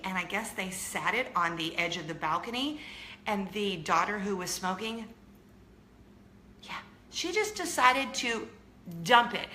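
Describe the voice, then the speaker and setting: Bright-voiced woman telling a chatty story. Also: medium pitch, a little hiss or hum. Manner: animated, chatty, laughs often, acts out quotes. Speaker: host. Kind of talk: casual storytelling chat. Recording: roomy room echo with faint ambience.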